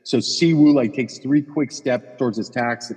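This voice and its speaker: A man with a husky, slightly breathy voice tells rambling golf stories in a casual podcast chat. He swears freely and keeps restarting his sentences. His voice carries a long reverb, as if in a hard-walled room. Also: medium pitch, moderate pace, darkish tone. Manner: profane, rambling anecdotes with repeated restarts. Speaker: golf caddie and podcast co-host.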